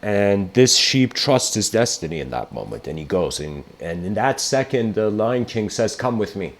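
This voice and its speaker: A man giving a casual spiritual lecture, telling a story in a rambling, animated way with frequent laughs. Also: on the low side, normal speed. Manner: rambling, animated, laughs often, says "you know".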